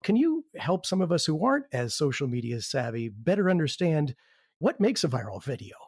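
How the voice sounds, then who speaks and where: A man hosting a podcast interview, asking long, measured questions. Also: a little high, sing-song, darkish tone, slightly rough, no echo, studio quality. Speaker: podcast host.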